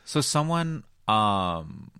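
A man's voice: lowish voice, sing-song, very slow, pushed and bright, smooth, no room sound, clean studio sound. A man with a Texan accent, co-hosting a podcast and telling a rambling work story with lots of laughs. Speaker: podcast co-host. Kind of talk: casual chat.

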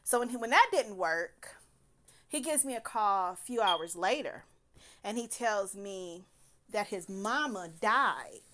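A woman telling a personal story in a casual, animated way, laughing often and slipping into quoted voices. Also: medium pitch, measured pace.

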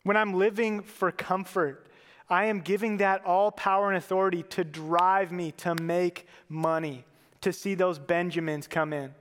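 A man with a high-pitched voice preaches a sermon in a church, earnest and conversational and dropping in casual fillers. His voice carries a long hall reverb behind it. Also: steady tone, a little slow, a bit bright. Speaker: pastor.

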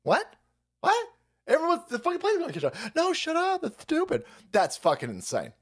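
A foul-mouthed male livestream host rants with a high voice that swoops all over the place. He is sarcastic and exasperated and stacks up repeated words in quick bursts. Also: huge pitch swings. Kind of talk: profane livestream rant.

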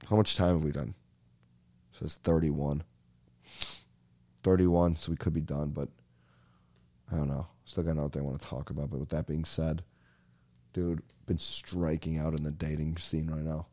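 A man's voice: rumbling low, little pitch movement, measured pace, pauses often, mellow. A young man hosting a podcast, ranting casually and animatedly, swearing and calling everyone dude. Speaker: podcast host. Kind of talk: casual comedic rant.

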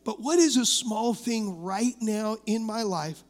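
A male pastor delivers a sermon with animated, storytelling energy. His voice sits very high for a man. It is recorded in a sanctuary whose long reverb trails after each phrase. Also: measured pace. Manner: animated storytelling preacher, laughing through stories. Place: church sanctuary.

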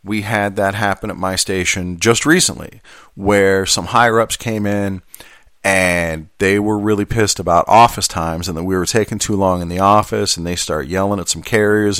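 A man's voice: on the low side, fairly bright tone, dry recording, clean studio sound. A man who is a union steward, reading out a workplace statement and then talking it over in an earnest, conversational way. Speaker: union steward and mail carrier. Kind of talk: reading a statement aloud, then casual commentary.

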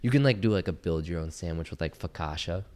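A young man with a very low voice tells a story on a casual podcast. He talks in an animated way, acting out the other people's lines as he goes. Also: fast talker. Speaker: podcast co-host.

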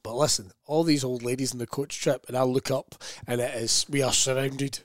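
A Scottish comedian co-hosting a casual chat podcast, telling animated anecdotes full of mimicked voices and laughter. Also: male voice, mid-range voice, brisk, hardly any pauses, no echo.

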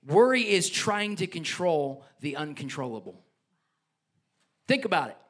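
A man's voice: on the high side, sing-song, unhurried. A man preaching a sermon as pastor, reading scripture and joking with the congregation, with a passionate delivery. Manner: passionate, joking asides, reads scripture aloud.

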